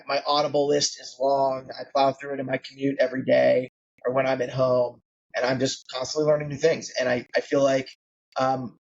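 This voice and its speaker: A founder in his late forties is interviewed as a guest on a podcast, talking conversationally with many fillers. His voice is mid-range with vocal fry, and the recording sounds muffled.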